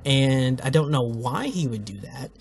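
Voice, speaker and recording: A man's voice: medium pitch, animated, a little slow, faint music behind. A man hosting a casual video commentary who rambles, swears freely and often cuts himself off mid-thought. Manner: rambling, profane, self-interrupting. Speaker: host.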